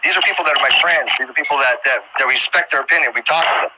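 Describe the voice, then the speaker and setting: Fast-talking angry male show host. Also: medium pitch, noisy background. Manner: angry, swearing, rapid-fire demands. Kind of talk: heated livestream argument.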